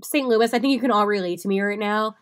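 A young woman hosting a solo sports podcast, animated and excitable, often laughing at herself. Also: mid-range voice, quick pace, clear, resonant tone. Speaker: podcast host.

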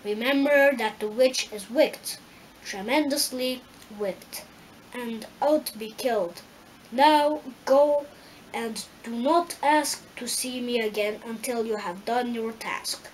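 Demanding storybook wizard read by a woman, stern and slow. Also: fairly high pitch, a little hiss or hum, rough recording. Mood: commanding. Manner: stern and commanding.

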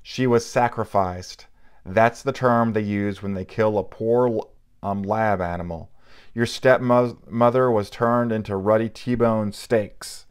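A man voicing a drunk, furious grown man, a bodyguard, with loud, slurred outbursts, read as part of an audiobook. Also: fairly low pitch, steady tone, slow, clean tone. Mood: bitter.

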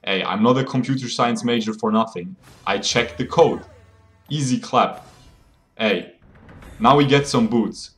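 A man's voice: medium pitch, unhurried, a bit bright, faint music behind. Laughing, boastful young gaming streamer guy. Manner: boastful, playful, laughs often, calls viewers boys. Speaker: game streamer. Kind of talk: joking live gameplay commentary.

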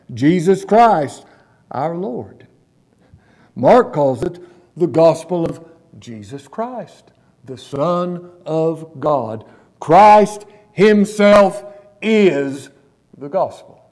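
Earnest preaching man, mellow voice. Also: high-pitched, animated. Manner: emphatic preaching, slows and stresses key words, asks the congregation questions. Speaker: pastor. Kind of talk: sermon. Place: church.

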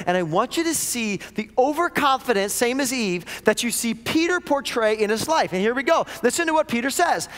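A man with a very high voice preaches a sermon in a church, his words ringing with a long reverb around the sanctuary. He is emphatic, stacks up questions and drives his points home again and again. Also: lively intonation, brisk, few pauses, fairly bright tone. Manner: emphatic, repeats questions, acts out voices he quotes. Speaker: lead pastor.

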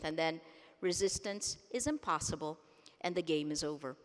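A woman's voice: low voice, moderate pace. A woman from the Philippines giving a conference keynote speech, earnest and emphatic, repeating words for stress. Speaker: keynote speaker. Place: large conference hall. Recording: long reverb of a large hall.

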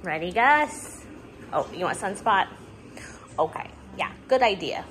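A woman's voice: medium pitch, animated, a little slow, fairly bright tone, slight background noise. Affectionate woman cooing at her dogs. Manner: affectionate baby talk to pets. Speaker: dog owner. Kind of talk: casual pet vlog.

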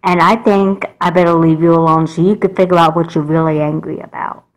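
A calm, firm mother, voiced by a woman in a homemade doll movie. She scolds patiently in a lowish, steady voice, never losing her temper. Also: brisk, close to an everyday voice, rough recording.

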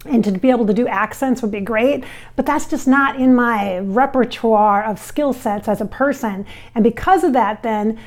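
A woman's voice: on the high side, moderate pace. A woman from the American Midwest who channels spirits, talking casually to camera on a microphone about viewer comments, chatty and reassuring with fillers and restarts. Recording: recorded on a microphone.

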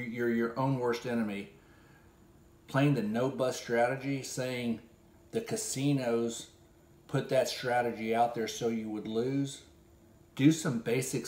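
A man in an echoey room delivering a sarcastic, scolding critique monologue in a mid-pitched voice. He talks in a casual, conversational way and now and then bursts into loud mimicry.

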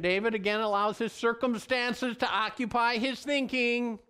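A middle-aged male pastor preaching a sermon in an earnest, folksy storytelling way with animated asides. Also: high voice, clean tone.

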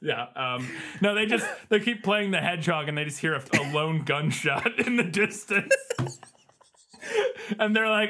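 Lively, bright male co-host who mocks a bad movie. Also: a little high, normal speed, a little hiss or hum. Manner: animated, exasperated, acts out scenes. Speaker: podcast co-host. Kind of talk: comedic movie-review chat.

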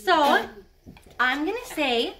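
Woman, children's sign language teacher, high voice, lively pitch, encouraging, animated. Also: slow pace, noisy background. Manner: animated, encouraging, gasps with delight.

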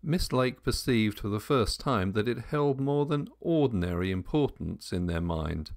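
A man reading an audiobook in a measured storytelling manner. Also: fairly low pitch, lively intonation. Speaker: audiobook narrator. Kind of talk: scripted narration.

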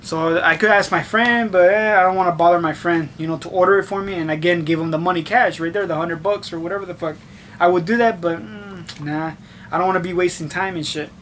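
A young man with a high, bright voice rants casually to his camera. He swears constantly and acts out his own reactions. A faint hiss sits under the recording. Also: steady tone, a little fast. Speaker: vlogger. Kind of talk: casual profane rant to camera.

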